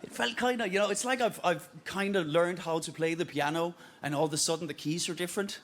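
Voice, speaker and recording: A man's voice: high voice, fast. A Danish man with an Irish accent, speaking Danish natively, doing a self-deprecating stand-up routine and acting out voices. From Denmark. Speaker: stand-up comedian. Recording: stand-up clip with loud crowd noise.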